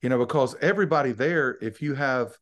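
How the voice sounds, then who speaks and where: A man's voice: medium pitch, a little fast, a bit bright. A man co-hosting a podcast in casual chat, teasing the others and telling stories. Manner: teasing, storytelling. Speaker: podcast co-host and preacher.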